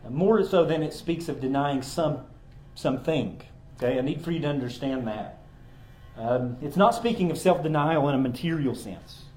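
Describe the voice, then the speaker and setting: Give me an earnest man preaching, slightly high voice, in a roomy echo. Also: normal speed, darkish tone. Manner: earnest, explanatory, with frequent ums and repeated words. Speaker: pastor. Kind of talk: sermon.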